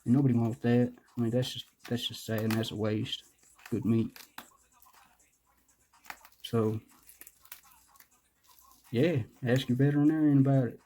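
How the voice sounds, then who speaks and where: A man's voice: medium pitch, fairly even intonation, unhurried, long pauses, mellow, a little hiss or hum. A man doing casual, rambling unboxing commentary, joking, hyping himself up and cursing. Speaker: vlogger.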